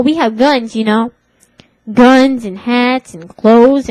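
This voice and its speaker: A woman's voice: a little high, slow pace, no echo, low-quality recording. A woman in her twenties telling a comic story in a put-on Brooklyn accent, rambling and tough-talking. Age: 20s.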